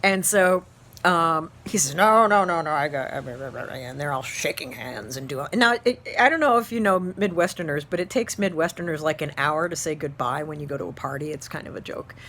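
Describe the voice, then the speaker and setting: A woman in her fifties from Ohio, an instructor telling a story to her class in an animated way and laughing often. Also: deep voice, normal speed, a little hiss or hum. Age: 50s. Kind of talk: storytelling lecture.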